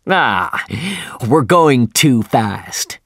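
A man voicing an obsessed, fierce older male whaling captain who shouts his commands. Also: mid-range voice, big pitch swings, extremely slow, dry recording, studio quality, full character voice. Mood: urgent.

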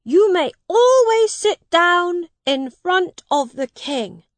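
A woman voicing a young boy prince in a storybook reading, speaking high, loud and imperious. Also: lively intonation, takes it slowly, no room sound, full character voice.

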